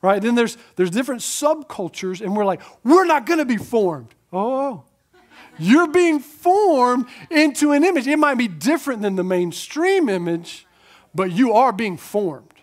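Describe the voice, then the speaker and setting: A man's voice: very high-pitched, expressive, a little slow. A man preaching a sermon as pastor, emphatic, asking rhetorical questions, repeating key lines and tossing conversational asides to the congregation.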